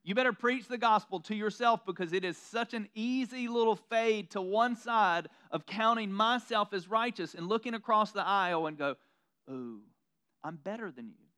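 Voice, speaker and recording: A pastor preaching a sermon in a conversational, self-deprecating way, slipping into mocking quoted asides. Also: male voice, sits high, moderate pace, hardly any pauses, sharp tone, smooth.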